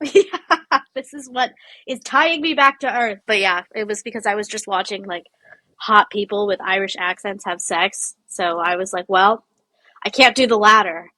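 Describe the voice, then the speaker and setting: Bright-voiced woman, animated chatty storyteller. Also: mid-range voice, moderate pace, no room sound. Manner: animated storyteller, laughs often, quotes people in voices. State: sick with a cold. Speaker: podcast co-host. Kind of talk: casual chat.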